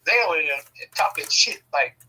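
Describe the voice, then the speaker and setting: A man telling a family story casually, profane and animated, often laughing. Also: unhurried, a little hiss or hum, poor audio.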